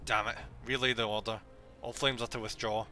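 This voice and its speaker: A man's voice: fairly low pitch, flat delivery, a little fast, faint music behind, voice pushed down. A man voicing a hot-tempered male army commander who barks and curses at his men, as in a video game. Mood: furious. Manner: gruff, shouting curses.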